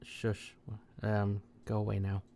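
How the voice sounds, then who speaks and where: A man's voice: lowish voice, monotone, slow pace, creaky, mellow. An English man hosting a casual film review podcast, recapping the plot with plenty of ums.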